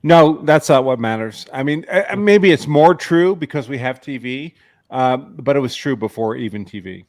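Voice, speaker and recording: A man on a casual panel, explaining points in a measured way as a lawyer. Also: mid-range voice, animated, a little mellow, dry recording, clean studio sound.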